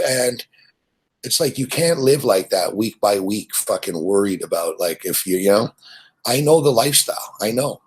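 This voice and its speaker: A man's voice: lowish voice, animated, a little fast, breathy edge. A man hosting a sports betting show, ranting in a blunt, profane, rambling way about gambling on credit.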